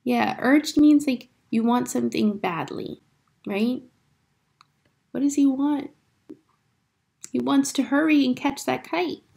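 A woman teacher reads a picture book aloud to a class of children, her voice pitched high and her delivery slow and unhurried. She acts out every sound word with energy and keeps stopping to ask the children questions. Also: gravelly, mellow, slightly rough.

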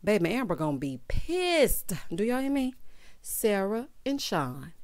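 A woman's voice: medium pitch, a little slow, dry recording, studio quality. A woman giving a sassy, casual recap of a reality TV show, mimicking the cast as she goes. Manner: sassy, animated, mimics the cast in quoted voices.

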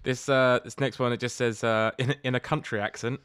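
A man's voice: medium pitch, little pitch movement, fairly quick, a bit bright, smooth, no room sound, clean studio sound. A man co-hosting a comedy podcast, telling overheard stories in a laid-back, wry way. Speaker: podcast co-host. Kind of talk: casual comedic chat.

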